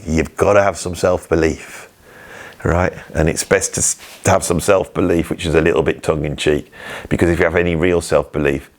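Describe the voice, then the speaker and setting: A man giving blunt, ranting commentary on the music business, with some self-mockery. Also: very deep voice. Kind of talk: casual spoken commentary.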